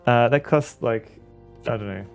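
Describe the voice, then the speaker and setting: A man streams a video game, chatting casually in an unhurried, medium-pitched, creaky voice over soft background music. His gameplay commentary is full of self-deprecating jokes, and he often stammers and repeats words.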